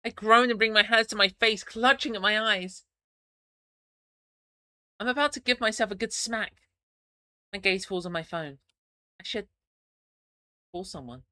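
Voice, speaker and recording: A man's voice: high voice, unhurried, long pauses, bright, forceful tone, no room sound, clean studio sound. A man streaming, reading a story game aloud and chatting between passages, with stammering restarts and chuckling asides.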